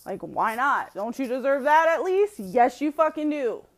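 A woman delivering a casual opinion monologue in a high, bright-pitched voice. Her pitch swings widely as she punches words with emphasis and frequent swearing. She breaks into short laughs between points. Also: animated, moderate pace. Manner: profane, emphatic, laughs often. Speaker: commentator.

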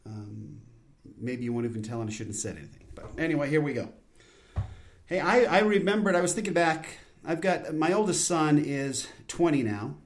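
A man's voice: mid-range voice, a little mellow. A man in his forties hosting a solo podcast, talking in an intense, earnest, rambling way with many restarts. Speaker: podcast host. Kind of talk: casual solo podcast talk.

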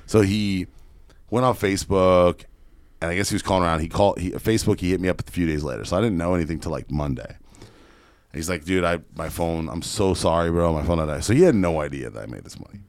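A man telling a story in a casual podcast chat, animated and swearing freely. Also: deep voice, no echo, clean studio sound. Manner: fast, profane, animated storyteller. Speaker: podcast guest, real estate investor.

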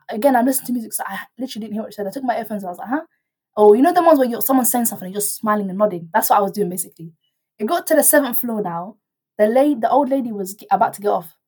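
A young woman, telling a story in casual chat as a guest, animated and rambling, with many restarts and quoted dialogue. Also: a little high, husky.

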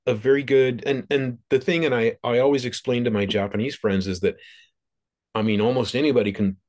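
A man's voice: mid-range voice, steady tone, brisk, darkish tone. A man hosting an interview, chatty and loose, laughing easily as he tells stories. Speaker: podcast host. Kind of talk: casual interview conversation.

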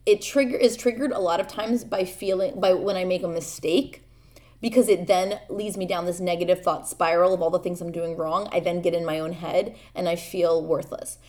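A young woman hosting a podcast, talking candidly and haltingly about her own struggles, earnest and vulnerable, with many fillers and restarts. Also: on the low side, steady tone, a little mellow. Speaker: podcast host. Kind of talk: personal confessional talk.

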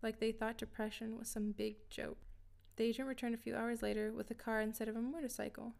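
A woman reading a scripted first-person story in a steady, even way. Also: on the high side, a little fast, gravelly. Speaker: narrator.

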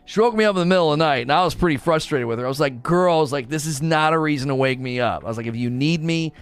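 A man in his thirties hosting a podcast in casual chat, animated and excitable, acting out quotes in his own voice. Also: a little high, racing, clean tone, soft background music. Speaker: podcast host.

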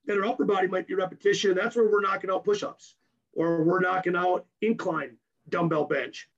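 A strength coach, a man, explaining his training program in rapid, technical detail in a podcast interview while hoarse from losing his voice. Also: high-pitched, fairly even intonation, a bit bright, lo-fi sound. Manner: rapid and technical, keeps tagging "right?".

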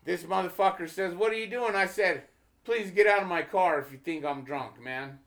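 A man's voice: high-pitched, moderate pace, creaky. A man, a comedian guest on a podcast, telling a story in casual chat, swearing freely and acting out the dialogue he quotes. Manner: profane, animated, acts out quoted dialogue.

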